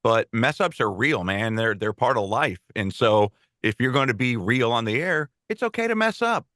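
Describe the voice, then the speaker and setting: A man's voice: medium pitch, sing-song, a bit bright, dry recording, studio quality. A middle-aged man, a podcast co-host and former radio host, chatting in an easygoing, reflective way. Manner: easygoing, reflective, lots of quick agreement. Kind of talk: casual chat.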